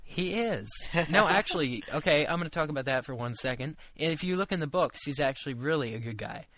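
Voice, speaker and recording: A man's voice: a little high, lively intonation, fairly quick, a bit bright, no room sound. A young man co-hosting a casual group podcast chat, rambling with lots of fillers and restarts. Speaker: podcast co-host.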